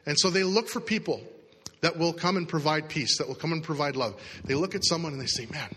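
Male pastor, conversational sermon, acts out inner voices, bright tone, big hall reverb. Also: a little high, quick pace, slight background noise. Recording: long reverb of a large hall.

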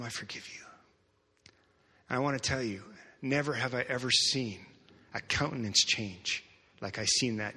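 An earnest male pastor preaches, moving between hushed passages and raised, emphatic ones. His voice is bright and forceful with a husky edge. He is heard in a church with a long, ringing reverb. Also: mid-range voice. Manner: earnest, repeats words, swings from soft to loud. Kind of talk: sermon storytelling.

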